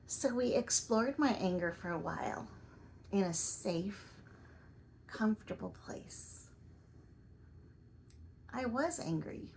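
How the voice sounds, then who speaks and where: A woman giving reflective personal narration in a soft, measured way, at times dropping to a whisper. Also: mid-range voice, slight background noise. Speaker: vlogger.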